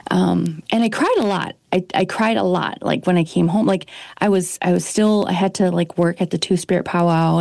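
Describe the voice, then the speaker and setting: A woman's voice: fairly low pitch, gravelly, a little mellow, no echo. A woman speaking in casual conversation, rambling and hesitant with many fillers.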